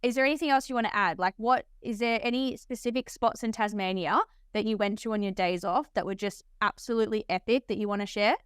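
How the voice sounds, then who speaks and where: A young Australian woman hosting a podcast interview, chatty and enthusiastic, talking fast with lots of laughs in her voice. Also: mid-range voice, clear, resonant tone, no echo, studio quality. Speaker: podcast host, nurse. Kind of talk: casual interview chat.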